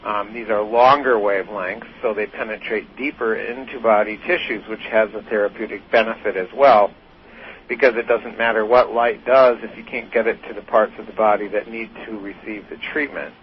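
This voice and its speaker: A man's voice: lowish voice, steady tone, normal speed, dull audio, slight background noise. A man speaking as an expert guest on a talk show, explaining science patiently with simple analogies. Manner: patient explainer, uses analogies, some fillers. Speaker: guest expert, physician researcher. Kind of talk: explanatory interview answers.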